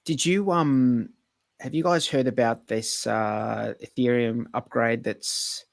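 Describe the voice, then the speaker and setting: A man's voice: medium pitch, fairly even intonation, slow, gravelly, no echo. A man with an Australian accent in casual podcast chat, hesitant with many fillers. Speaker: podcast co-host.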